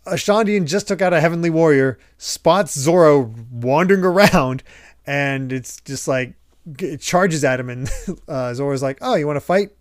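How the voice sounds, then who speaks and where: A man hosts a casual podcast chat, retelling scenes with animated energy and frequent laughter. His voice sits a little high. The sound is dry and close, with no room around it. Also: measured pace, no echo. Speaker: podcast host.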